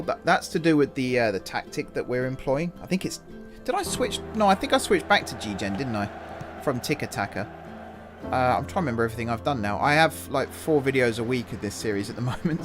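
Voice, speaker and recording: A young man giving relaxed, chatty commentary over a football management game, thinking aloud between match calls. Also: medium pitch. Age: young adult. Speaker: gaming YouTuber and streamer. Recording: game music playing under the voice.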